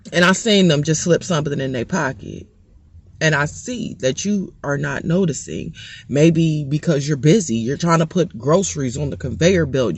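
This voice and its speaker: A woman's voice: medium pitch, a bit bright, no room sound. A woman, a parent, delivering a blunt, heated rant to camera full of cursing. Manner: blunt, profane, fired-up. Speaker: parent vlogger.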